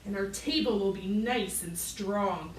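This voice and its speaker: A woman's voice: medium pitch, a little slow, distant mic, slight background noise. A woman leading a children's yoga class, playful and encouraging, making animal sounds for the kids. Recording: roomy echo, voice from off mic.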